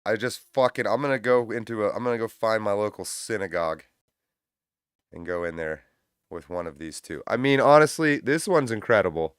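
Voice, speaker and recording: A man hosting a livestream in loose, profane, casual chat, breaking into loud laughs. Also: on the low side, lively intonation, fairly quick, clean tone, no echo, clean studio sound. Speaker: livestream host.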